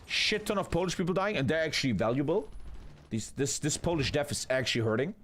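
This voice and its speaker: Excitable, profane young male game caster. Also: fairly high pitch, fast. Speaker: streamer casting a multiplayer strategy game. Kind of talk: live game commentary.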